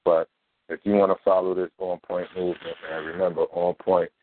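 A man hosting a talk radio show, with a steady, laid-back delivery, often pausing on "um" and clearing his throat. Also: low voice, no room sound. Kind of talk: casual talk radio commentary. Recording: dry, tinny phone line.

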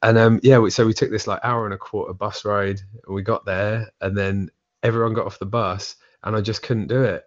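Deep-voiced English man telling a story. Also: fairly even intonation, a little fast, highs cut off. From England, near Essex. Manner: rambling, frequent restarts and filler "like". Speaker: podcast guest, drummer. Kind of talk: casual storytelling chat.

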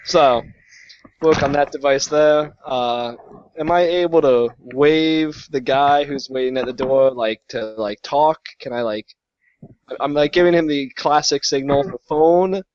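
A man hesitantly explains his move as a player in an online tabletop game. His voice sits a bit high, and the sound is dry and dull over the call. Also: unhurried, a little mellow, dry recording. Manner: hesitant, filler-heavy.

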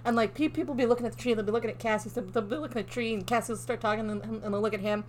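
A woman's voice: a little high, steady tone, rapid-fire, a little hiss or hum. A woman co-hosting a podcast in casual chat, playful and laughing, acting out characters as she tells stories. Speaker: podcast co-host.

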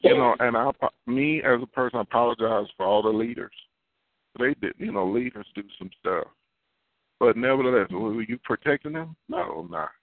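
Preaching as a prophet, a man uses a medium-pitched voice at a moderate pace in an earnest, confessional sermon where he repeats his main phrases. The sound is dry and tinny, like a phone line.

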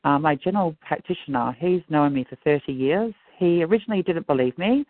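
This middle-aged guest from Australia has a voice on the high side with lively intonation, talking briskly through a rambling, earnest and worked-up personal account. The phone-style line sounds tinny and dry, with no echo.

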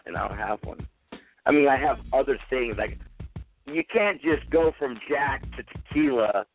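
A man hosting a live stream radio show, swearing nonstop in an angry rant while drinking. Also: medium pitch. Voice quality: heavy swearing, combative. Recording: tinny phone-like line, faint music.

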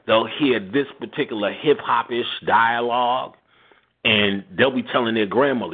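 A man's voice: mid-range voice, moderate pace, husky. A middle-aged man, host of a radio show, telling stories in casual, profane talk, laughing often and acting out what others said. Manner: profane, laughing, acts out quotes in voices. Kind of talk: casual storytelling chat. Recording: phone-line sound.

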